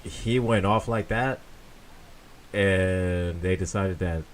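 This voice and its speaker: Deep-voiced man, halting podcast co-host. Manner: halting, with many fillers and restarts. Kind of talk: casual wrestling talk.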